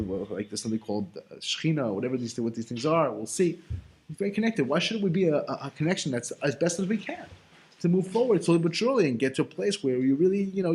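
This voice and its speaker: A man's voice: on the high side, darkish tone. A man teaching an informal Torah class in a loose, conversational way, full of casual fillers and rhetorical questions. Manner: asks himself rhetorical questions.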